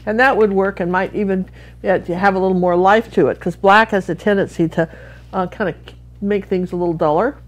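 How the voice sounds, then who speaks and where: A woman's voice: medium pitch, steady tone, a little fast. A middle-aged American woman from Washington State, giving a chatty, rambling live painting lesson full of friendly asides. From Washington State, USA. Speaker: art instructor.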